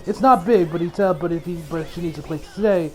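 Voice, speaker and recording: A man's voice: a little high, fast talker, soft background music, low-quality recording. A man casually reviewing an anime episode, rambling with many restarts and frequent laughs.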